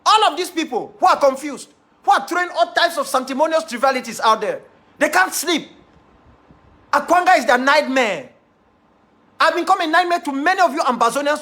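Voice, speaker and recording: A man's voice: very high-pitched, lively intonation, a little fast, pushed and bright. A man with a Cameroonian English accent giving a defiant, impassioned monologue to his followers, repeating key phrases for emphasis. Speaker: activist leader addressing followers.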